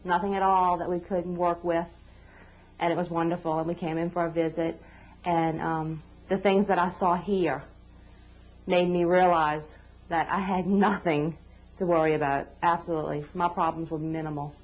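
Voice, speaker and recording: Candid mother, low voice, dull recording. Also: little pitch movement, normal speed. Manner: candid, heartfelt, with restarts. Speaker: mother of a newborn. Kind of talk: personal testimony. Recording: dull lo-fi video sound.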